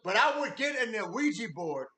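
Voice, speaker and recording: Man hosting a live fan stream: fiery, profane ranter with a high, bright voice, in an echoey room. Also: very animated, normal speed. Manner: profane, heated ranting; reads chat messages aloud. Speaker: livestream host and football fan. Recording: roomy echo.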